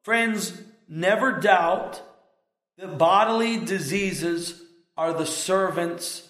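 Middle-aged male pastor, high voice, unhurried delivery, emphatic sermon in an echoey sanctuary. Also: fairly bright tone. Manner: emphatic preaching with rising stressed words and measured pauses.

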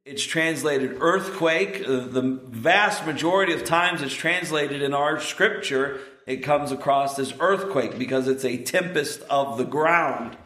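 A man preaching a sermon, slow and earnest, climbing to emphatic peaks on key points. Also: mid-range voice, pushed and bright. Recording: roomy echo.

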